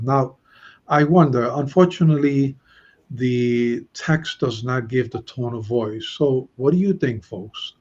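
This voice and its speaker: A man's voice: medium pitch, slow, husky, lo-fi sound. A man hosting a Bible study discussion, chatty, reading verses aloud and putting questions to his listeners.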